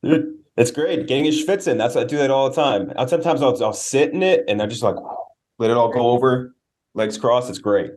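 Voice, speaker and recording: A man's voice: medium pitch, brisk, darkish tone. A man co-hosting a movie podcast, chatting in a laid-back, joking way. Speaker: podcast co-host. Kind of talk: casual chat.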